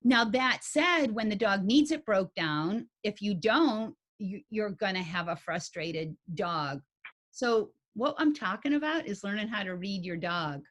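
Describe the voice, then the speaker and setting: A woman teaching a dog agility study group in a folksy, animated, conversational way. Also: medium pitch, a little slow. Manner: folksy and animated, with homey grammar.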